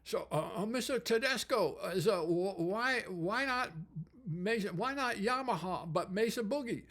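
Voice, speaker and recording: Earnest male engineer with a Japanese accent, put on by a man: high, halting, clipped broken English. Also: animated, fairly bright tone, heavily acted. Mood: curious.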